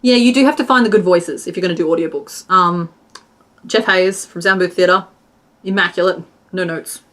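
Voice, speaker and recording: A woman with a slightly low voice chats loosely while she crochets on a live stream. She rambles, restarts her sentences and drops to a mutter when she counts stitches. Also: moderate pace, a bit bright. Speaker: crochet streamer and pattern designer.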